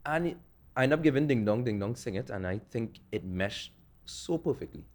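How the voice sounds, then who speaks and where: A man's voice: medium pitch, expressive, moderate pace, darkish tone. A young man, telling stories in a laid-back way as a music producer on a podcast, laughing often. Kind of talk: casual interview chat.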